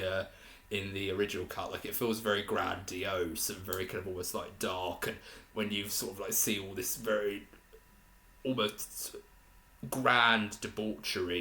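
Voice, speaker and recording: A man's voice: on the low side, fairly bright tone. A young man reviewing a film in casual, rambling talk, full of fillers and restarts. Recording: roomy echo in a room.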